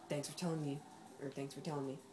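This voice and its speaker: Sarcastic woman gamer chatting over a racing game, low mellow voice, faint room hum behind. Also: flat delivery, fast talker. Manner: sarcastic, talks back to the game. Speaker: gameplay commentator. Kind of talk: casual gameplay commentary.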